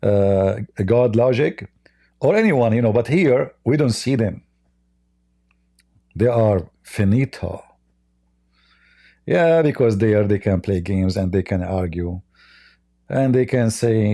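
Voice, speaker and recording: A man hosting a live debate stream, talking in a mocking, sarcastic, halting way. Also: on the low side, expressive, mellow, dry recording, studio quality. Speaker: Christian apologist livestream host.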